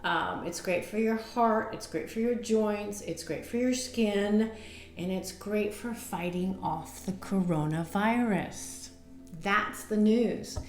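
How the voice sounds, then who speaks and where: A woman's voice: mid-range voice, slow, a little mellow, roomy sound, soft background music. A woman nutrition coach giving casual on-camera health advice, chatty, with many fillers and laughs at herself. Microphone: camera mic.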